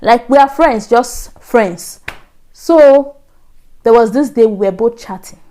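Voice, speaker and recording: Animated Nigerian woman telling a story. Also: on the high side, slow pace. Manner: animated, acts out quoted voices, frequent laughs. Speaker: vlogger. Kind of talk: casual storytelling.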